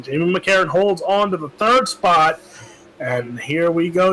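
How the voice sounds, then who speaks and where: High-voiced man calling a sim race. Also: a bit bright, rough recording. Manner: joking, quick play-by-play calls. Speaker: race commentator. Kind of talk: sim racing play-by-play commentary.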